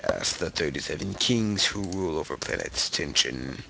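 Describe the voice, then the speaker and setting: A man voicing a grandiose, self-styled dark noble ruler in a slow, low, mock-solemn voice. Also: sing-song, gravelly, a little hiss or hum, exaggerated voice.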